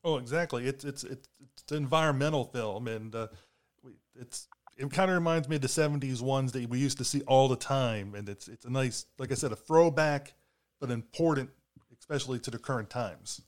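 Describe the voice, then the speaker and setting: A man's voice: medium pitch, a little fast. Enthusiastic male podcast host. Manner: friendly fan enthusiasm, repeats words when starting. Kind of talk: casual interview conversation.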